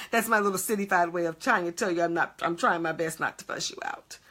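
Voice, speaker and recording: Bright-voiced woman preaching emphatically. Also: on the low side, brisk. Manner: emphatic, repeats short checks to the audience. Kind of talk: motivational sermon.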